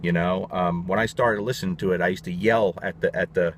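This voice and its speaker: A middle-aged man with a lowish voice tells a story in a loose, animated way. He talks bluntly and swears now and then. A faint hum sits under the recording. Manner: animated, blunt and profane, quick restarts. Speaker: dog trainer. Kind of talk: casual storytelling.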